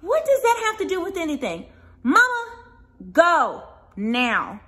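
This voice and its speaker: A high, lively voice as a woman plays an exasperated mother. She scolds and pleads with rising frustration, tired of the drama around her, in a comedy sketch. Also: quick pace, heavily acted. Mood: scolding.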